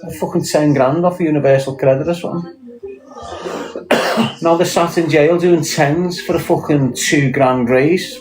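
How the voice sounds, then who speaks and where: A man's voice: fairly high pitch, fairly even intonation, a little slow, darkish tone, low-quality recording. A Scouse man talking bluntly in casual chat, swearing often and firing off rhetorical questions. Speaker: podcast guest.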